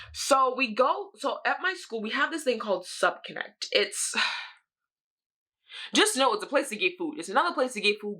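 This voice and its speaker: A young woman telling a drama story while doing her makeup, animated and swearing, acting out what she said. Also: fairly low pitch. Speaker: beauty vlogger. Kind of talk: get-ready-with-me story time.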